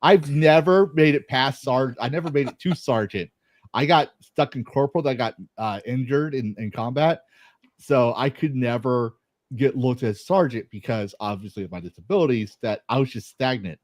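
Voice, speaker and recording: A man's voice: medium pitch, normal speed, dry recording. A man with a faded Texas accent hosting a podcast, telling a profane, rambling story and laughing often. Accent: American, faded Texas. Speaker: podcast host. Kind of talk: casual chat.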